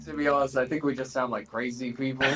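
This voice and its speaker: A man playing a tabletop game, bantering in a playful, quick way. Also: medium pitch, fairly even intonation, sharp tone, slight background noise. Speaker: player. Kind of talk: casual chat at a game table.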